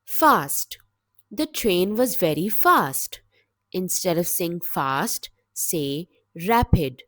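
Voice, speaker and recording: A woman teaching English vocabulary in a slow, deliberate scripted lesson, with measured, clear word-by-word delivery. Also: fairly low pitch, very animated, no room sound, studio quality.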